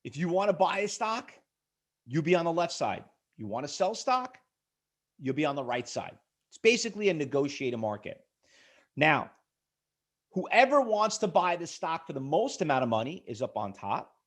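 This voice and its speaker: A middle-aged man runs a live trading webinar in a slightly high voice. He pushes hard with rhetorical questions, calls on viewers by name and keeps pressing for a yes. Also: sing-song, moderate pace. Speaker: trading instructor. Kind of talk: live webinar sales pitch.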